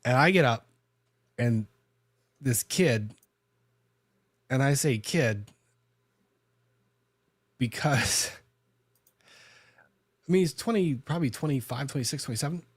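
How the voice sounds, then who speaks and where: A man's voice: medium pitch, animated, slow pace, pauses often, no echo. Man telling a courtroom story, dry sound. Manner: conversational, frequent restarts and self-corrections. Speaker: lawyer and podcast host. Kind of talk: casual storytelling chat.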